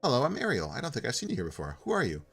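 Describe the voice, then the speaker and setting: A man's voice: mid-range voice, wildly swooping pitch, rapid-fire, creaky, fairly bright tone, slightly rough, soft background music, voice pushed up, full character voice. A man voicing Ariel, a curious vault woman.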